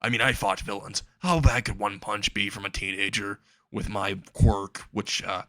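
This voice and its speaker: A man's voice: fairly low pitch, fairly even intonation, moderate pace, bright, forceful tone, dry recording. Man playing a goofy burly superhero, blunt, offhand coaching, dry sound.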